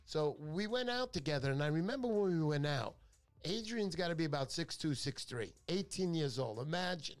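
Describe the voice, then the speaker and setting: A man's voice: a little high, expressive, moderate pace, soft background music. A man hosting a talk show, telling stories in a chatty, joking way that drifts off topic. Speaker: radio show host. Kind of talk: casual talk-show storytelling.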